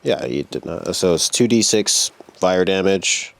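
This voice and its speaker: Man player, low deep voice, casual, hesitant, thinking aloud. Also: animated, measured pace, gravelly. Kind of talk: casual tabletop game play.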